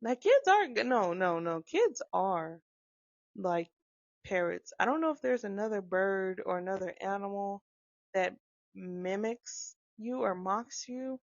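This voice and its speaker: Gravelly woman, animated casual talk. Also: medium pitch, a little slow, no room sound. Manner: animated, acts out quoted dialogue, frequent laughs. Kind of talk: casual monologue on parenting. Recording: dull, dry close-mic sound.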